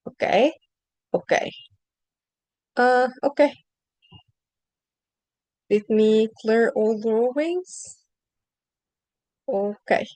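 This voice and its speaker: Woman, reading teacher on a video call, patient and questioning, very unhurried delivery, dry close sound. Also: medium pitch, vocal fry, dark tone, dry recording, rough recording. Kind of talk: online one-on-one lesson.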